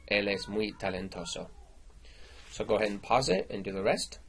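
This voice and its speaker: A man teaching Spanish verbs in a relaxed, informal recorded slide lesson. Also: on the low side, normal speed. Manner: relaxed, informal explaining with fillers.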